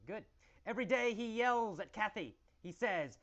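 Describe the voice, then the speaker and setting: Male English teacher, lively storytelling delivery, answers his own questions, slightly muffled lo-fi recording. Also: high voice, normal speed. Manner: animated, exaggerated storytelling with repeated questions and answers.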